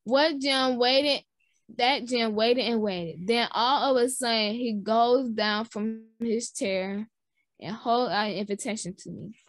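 Slow-reading woman, halting children's story. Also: on the high side, no echo. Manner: halting, with restarts and repeated words. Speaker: reader. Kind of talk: reading a children's book aloud.

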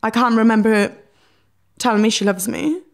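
A woman's voice: fairly high pitch, moderate pace. A young woman with a Welsh accent, a reality TV guest talking openly in a podcast interview, emotional and swearing freely.

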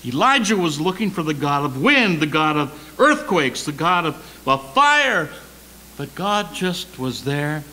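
A man preaching a sermon as associate pastor, swinging between loud emphasis and soft, near-whispered lines, repeating key words slowly. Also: fairly high pitch, very animated, slight background noise, rough recording. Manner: slow deliberate preaching with repetition. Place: church sanctuary.

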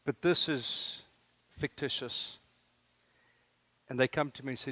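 A man's voice: mid-range voice, fairly even intonation, measured pace, pauses often, pushed and bright, no echo. A man in his fifties with a South African accent, preaching a sermon as a guest speaker in an earnest, storytelling way. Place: church service.

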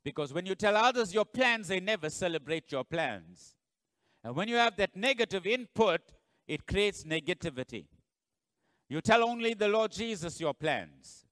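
Male pastor giving a sermon, bright fairly high voice, goes big and loud then drops way down, dry close sound. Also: animated, moderate pace, dry recording. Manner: dramatic storytelling that jumps between loud bursts and low, hushed lines.

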